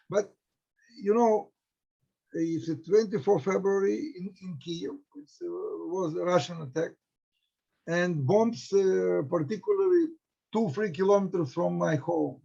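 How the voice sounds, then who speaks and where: A middle-aged man with a Ukrainian accent speaks halting English, with many restarts, as a historian talking to students. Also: high voice, vocal fry, mellow, breathy edge. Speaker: historian, research center director. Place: home in a war-hit city. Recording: dull lo-fi audio.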